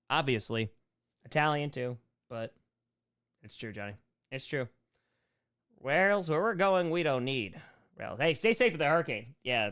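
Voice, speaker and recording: A young man with a hoarse voice, reading chat questions on a casual live-stream Q&A, jokey and fond of repeating short phrases. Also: a little high, fairly bright tone.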